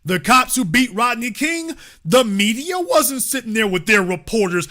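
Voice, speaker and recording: A man's voice: high-pitched, very animated, normal speed, few pauses, sharp tone. A man hosting an impassioned commentary show, speaking emphatically and repeating phrases for effect. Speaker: host.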